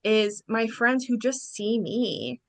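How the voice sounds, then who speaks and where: A woman, a podcast guest, telling a personal story in an animated way and quoting her friends in lively bursts. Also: fairly high pitch, slow pace, creaky.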